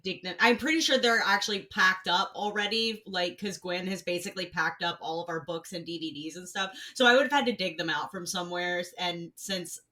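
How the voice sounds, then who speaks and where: A woman co-hosting a casual book club podcast over a call, chatty and quick to laugh. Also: on the low side, bright, forceful tone. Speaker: podcast co-host. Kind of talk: casual chat. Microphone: recorded remotely over a call.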